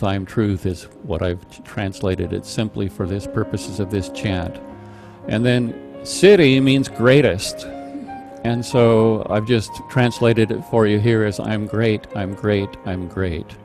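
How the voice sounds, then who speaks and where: A middle-aged man teaching a live online meditation class, calmly explaining a chant with patient, halting restarts. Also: on the low side, over music. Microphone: video call microphone.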